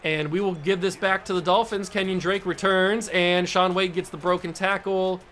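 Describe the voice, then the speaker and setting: A man's voice: high voice, normal speed, a little hiss or hum. A man playing a football video game and commentating live, often scolding himself for his mistakes. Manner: self-scolding, exasperated, then animated. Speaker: gaming YouTuber.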